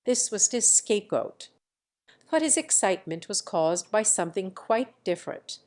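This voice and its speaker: A woman narrating a classic novel in a measured, deliberate reading. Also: medium pitch, animated, darkish tone. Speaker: audiobook narrator.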